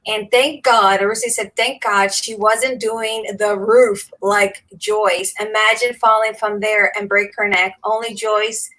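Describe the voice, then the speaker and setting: A woman's voice: medium pitch, little pitch movement, a little slow, few pauses, a bit bright, low-quality recording. A woman in her fifties hosting a craft livestream, chatting casually, laughing often and greeting viewers by name. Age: 50s.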